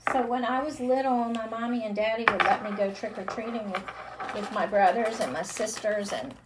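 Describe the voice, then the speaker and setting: A woman's voice: medium pitch, a little hiss or hum. A woman leading a children's storytime with a puppet, drawing out her words in a sing-song way. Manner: slow, sing-song, drawn-out for kids.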